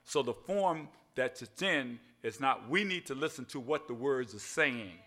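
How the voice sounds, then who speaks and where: An older man with a drawl delivers an evening sermon. He is folksy and conversational, spells out words and checks in with the congregation. His voice is bright and forceful, at a middle pitch. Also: animated, a little slow. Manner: folksy, repeats "all right", spells words out, calls and response. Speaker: pastor.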